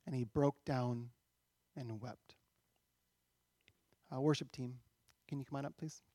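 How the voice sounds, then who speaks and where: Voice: mid-range voice, steady tone, a little slow, mellow, dry recording, clean studio sound. A pastor preaching a sermon in a church, talking conversationally and asking rhetorical questions.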